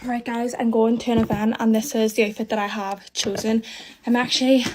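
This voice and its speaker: A woman's voice: on the high side, flat delivery, fairly quick, mellow, a little hiss or hum. A woman chatting casually about her outfit while out of breath. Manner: chatty, rambling. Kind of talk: get-ready-with-me vlog chat.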